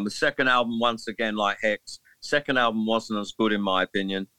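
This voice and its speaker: A man in his sixties from England chats as an interview guest, telling stories in a rambling, amused way. His voice is bright and forward, recorded dry and close with no room sound. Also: lowish voice, clean tone, no echo. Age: 60s. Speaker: musician guest. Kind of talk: casual interview chat.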